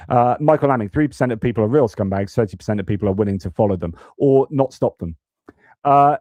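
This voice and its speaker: Casting note: male live stream host, casual rambling commentary, low mellow voice, dry sound. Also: no echo. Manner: chatty, rambling, many fillers and restarts.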